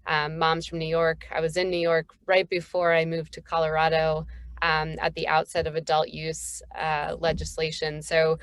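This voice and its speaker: A woman's voice: low voice, completely flat delivery, moderate pace, smooth, dry recording. A woman from Boston, a company founder, introducing herself on a virtual panel while dialing in from the road. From Boston, Northeast US.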